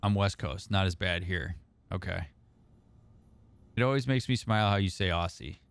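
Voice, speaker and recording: Chatty low-voiced man reading stream chat. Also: moderate pace, creaky, smooth. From Indiana. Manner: chatty, answers chat messages as they come. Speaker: therapist streamer. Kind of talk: casual livestream chat while gaming.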